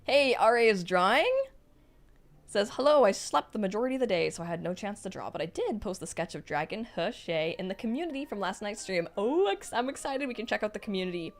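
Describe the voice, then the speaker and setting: A young woman streaming live, reading out chat messages and reacting in a bubbly, excitable way. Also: mid-range voice, quick pace, hardly any pauses.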